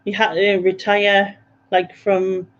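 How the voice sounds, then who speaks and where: A man's voice: high voice, completely flat delivery, slow, fairly bright tone. Hesitant man on a muffled call. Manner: hesitant, lots of fillers. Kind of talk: casual chat. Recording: dull lo-fi call audio.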